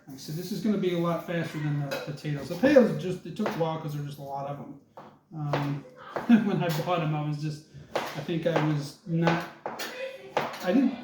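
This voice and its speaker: A cooking instructor with a fairly high voice gives a relaxed demonstration in a kitchen, chatting with viewers he calls "folks" while he chops and preps. The echoey kitchen recording is noisy, with loud clatter throughout.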